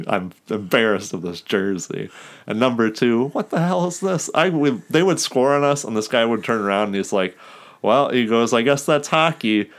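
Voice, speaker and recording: A man's voice: medium pitch, lively intonation, normal speed. A young man co-hosting a casual hockey podcast, telling wry stories and laughing at himself. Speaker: podcast co-host.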